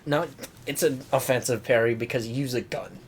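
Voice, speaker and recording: A man's voice: medium pitch, fairly even intonation. Joking man with faint background hiss. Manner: joking, quick to laugh. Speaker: podcast co-host. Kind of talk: casual chat.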